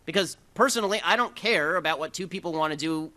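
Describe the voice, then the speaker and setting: A man delivers a political speech in a combative, rapid-fire way, dropping sarcastic asides. His voice is fairly high and sharply bright, with a forceful edge. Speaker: public speaker.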